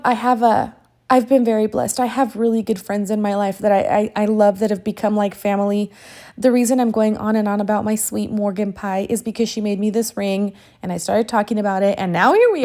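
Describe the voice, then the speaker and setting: Brief: woman in her thirties, vlogging a craft how-to, slightly high mellow voice, gushy and emotional, swears freely. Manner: gushing and effusive, swears casually; sentimental and emotional. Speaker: crafting tutorial host. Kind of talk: casual chatty tutorial talk.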